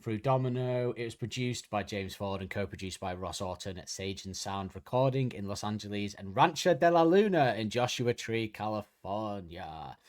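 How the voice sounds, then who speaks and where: A man's voice: fairly low pitch, expressive, normal speed, few pauses. An Irish man hosting a casual podcast chat, rambling and laughing often. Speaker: podcast host.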